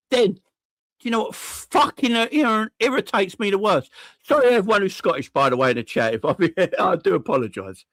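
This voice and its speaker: Furious sweary football fan. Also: male voice, high voice, expressive, brisk, a bit bright, dry recording. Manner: furious, sweary, repeats himself, asks rhetorical questions. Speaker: football fan channel host. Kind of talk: angry fan reaction rant.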